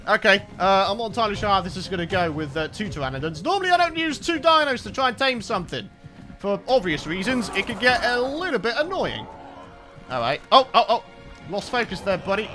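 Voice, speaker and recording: A let's play host giving gameplay commentary, excitable and given to loud outbursts of frustration and triumph. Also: medium pitch.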